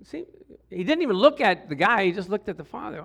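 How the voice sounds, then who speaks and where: High-voiced man preaching an animated sermon. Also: brisk, vocal fry. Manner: animated, acts out quoted voices with humor.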